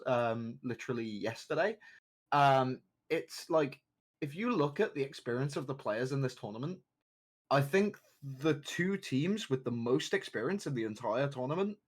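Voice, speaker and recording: A man casually chatting while streaming a watch party of an esports match, rambling with fillers and restarts. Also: medium pitch.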